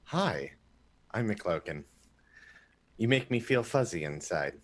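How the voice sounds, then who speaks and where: A man's voice: fairly low pitch, sing-song, takes it slowly. A man who plays in a tabletop role-play game, chatting in a joking, casual way. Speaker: player. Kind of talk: casual chat.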